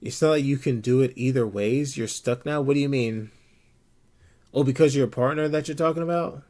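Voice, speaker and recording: A man's voice: medium pitch, brisk, darkish tone. A male streamer talking casually and bluntly to his chat, swearing often and getting worked up.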